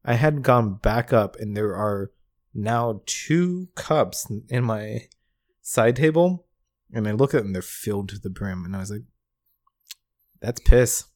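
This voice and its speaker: A man's voice: on the low side, lively intonation, measured pace, darkish tone. A young man sheepishly recounting his own drunken mishap on a podcast, laughing at himself. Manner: sheepish, self-mocking, laughing. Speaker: podcast co-host. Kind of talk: casual storytelling chat.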